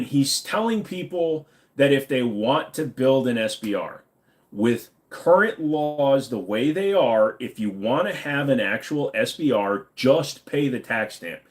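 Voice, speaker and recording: A man hosting a livestream, answering chat in a casual, blunt manner. He swears freely and slips into rants. His voice sits at an ordinary middle pitch. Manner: blunt, profane, ranting. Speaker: livestream host reading chat.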